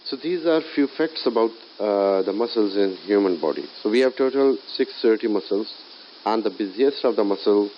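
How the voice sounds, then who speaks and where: Low-voiced hesitant male English teacher. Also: lively intonation, normal speed. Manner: hesitant, many filler sounds. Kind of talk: recorded lecture. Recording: dull lo-fi audio with faint hiss.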